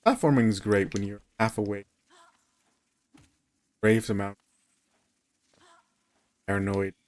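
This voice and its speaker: A man's voice: fairly low pitch, slow pace. A tired man, rambling in casual gameplay commentary as a streamer, often trailing off mid-sentence.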